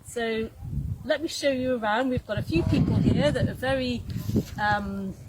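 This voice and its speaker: A woman's voice: fairly high pitch, normal speed, heavy background noise. A woman introducing a community garden, hesitant and friendly. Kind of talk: casual presenting.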